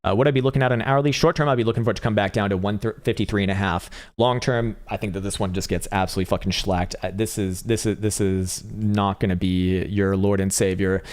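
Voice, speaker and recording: A man from the States talks on a live stream in a loose, casual way, reading out viewer comments and swearing freely. His voice sits slightly low. He comes across as a relaxed young adult. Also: fast, hardly any pauses. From United States. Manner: profane, laid-back, reads viewer comments aloud. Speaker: livestream trading analyst.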